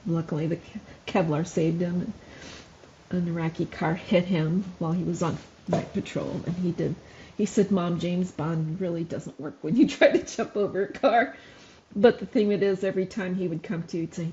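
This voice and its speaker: A woman's voice: lowish voice, steady tone, moderate pace, dark tone, muffled recording. A middle-aged woman, a former nurse, telling her story on a podcast in an earnest way, laughing often as she speaks. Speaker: podcast guest, mother of a wounded soldier. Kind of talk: emotional podcast conversation.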